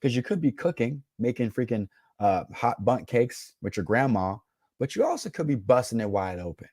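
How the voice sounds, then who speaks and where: A man's voice: mid-range voice, expressive, moderate pace, darkish tone, no echo, clean studio sound. A man reacting to a dating clip, giving cocky, slangy dating advice and laughing at his own jokes. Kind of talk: reaction commentary to camera.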